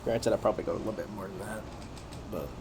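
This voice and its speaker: A man's voice: fairly low pitch, steady tone, fast talker, background noise. A man streaming and talking to himself in a casual, rambling way, tired and yawning, often restarting his sentences. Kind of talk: casual solo stream commentary.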